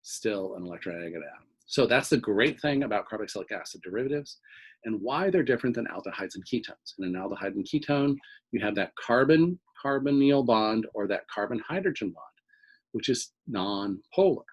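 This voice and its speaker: A man's voice: fairly low pitch, animated, fairly quick, slightly rough, rough recording. A man teaching organic chemistry in a recorded lecture, explaining step by step and often checking in with "okay?".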